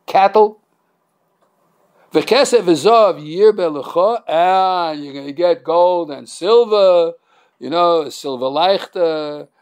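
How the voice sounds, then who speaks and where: Delivering a humorous Torah class, this male rabbi speaks in a high, gravelly voice. His style is joking and lively, and he restarts often and uses plenty of fillers.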